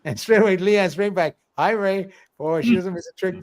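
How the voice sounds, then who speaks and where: A man's voice: sits high, brisk, slight background noise. A man hosting a casual livestream, reading viewer comments aloud and laughing often. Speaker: livestream host.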